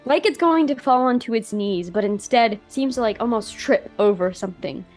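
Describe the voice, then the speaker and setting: A woman's voice: on the high side, expressive, moderate pace, faint music behind. A woman game master narrating a tabletop scene in a casual, filler-heavy way.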